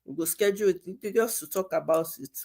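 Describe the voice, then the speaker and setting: A woman's voice: on the low side, fairly quick, vocal fry, dark tone. Nigerian woman hosting a casual livestream. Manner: mixes Pidgin, laughs often, reads comments aloud. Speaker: livestream host.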